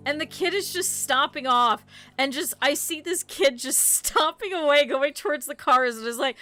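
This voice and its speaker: A woman's voice: sits high, moderate pace, sharp tone, faint music behind. A woman streamer chatting casually to her viewers while playing, rambling into stories. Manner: chatty rambling storyteller, talks to chat. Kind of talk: casual game stream chat.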